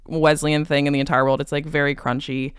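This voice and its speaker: A young woman, a comedian, chatting as an interview guest in a lively, laughing way. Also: deep voice, smooth, no echo. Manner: chatty, laughing, quick asides. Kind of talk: casual interview chat.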